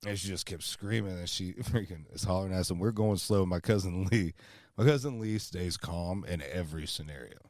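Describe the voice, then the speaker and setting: A man with a low, deep voice telling a rambling story in easygoing chat, animated and loose. The sound is dry and close. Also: a little fast, no room sound. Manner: rambling and animated, peppered with "bro" and "dude". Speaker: podcast co-host. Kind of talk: casual storytelling. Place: outdoors by a fire.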